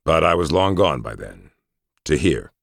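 A man doing a quiet, weary armored man. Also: very deep voice, sing-song, unhurried, creaky, no room sound, studio quality, full character voice. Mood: subdued. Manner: quiet, wry, subdued.

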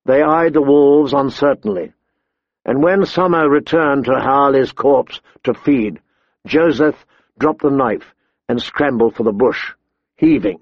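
A man narrating a fantasy audiobook in a measured, deliberate storytelling manner. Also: medium pitch, no echo. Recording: slightly dull, dry recording.

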